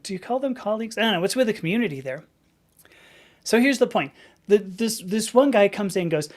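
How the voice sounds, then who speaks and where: A chatty woman in her fifties hosts a live stream in a loose, rambling way. She laughs often and keeps circling back to restart her thoughts. Her pitch sits in the middle range for a woman. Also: animated, brisk, darkish tone. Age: 50s. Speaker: livestream host. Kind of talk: casual live-stream chat.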